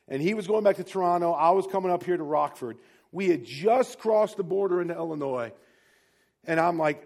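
A man preaching a sermon, telling a personal story with big swings between loud, emphatic peaks and quiet asides. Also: high-pitched. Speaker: pastor.

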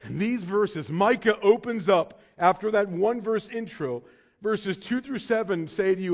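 A man preaching a sermon as pastor, swinging between loud urgent pleading and quiet low asides. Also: measured pace.

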